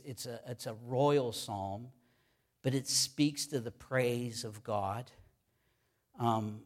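A man preaching a sermon to his congregation in a casual, enthusiastic way, with many fillers and restarts. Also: mid-range voice. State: sweaty. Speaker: pastor.

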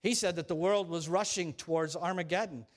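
A man preaching a sermon, animated and storytelling, rising and falling in volume. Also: high voice, fairly quick. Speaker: pastor.

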